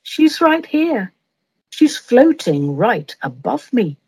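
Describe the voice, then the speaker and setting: A woman's voice: fairly high pitch, very animated, slow pace, darkish tone, breathy edge, exaggerated voice, poor audio. A woman voicing a kindly, cheerful old male medium in comic verse, speaking in a soothing, sweet way.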